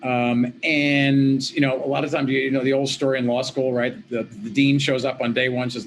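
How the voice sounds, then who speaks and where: A man, a former politician and law professor, recounting events as an interview guest in a lively storytelling manner, acting out the dialogue he quotes. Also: mid-range voice, moderate pace, few pauses, a little hiss or hum. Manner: animated, acts out quoted dialogue. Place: home office at a desk.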